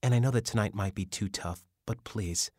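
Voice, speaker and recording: A man's voice: lowish voice, moderate pace, a little mellow, no echo, studio quality, lightly acted. A man reading a weary, guarded young mother. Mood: subdued.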